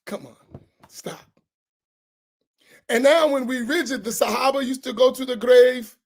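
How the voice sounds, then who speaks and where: A man's voice: extremely high pitch, steady tone, measured pace. A man, an imam, teaching a religious class in a heated, sarcastic way full of rhetorical questions. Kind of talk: heated religious lesson, argumentative.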